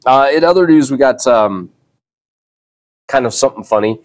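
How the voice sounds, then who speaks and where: A man's voice: mid-range voice, expressive, moderate pace. A middle-aged man hosting a casual solo podcast, talking in a rambling, easygoing way with frequent restarts. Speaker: podcast host.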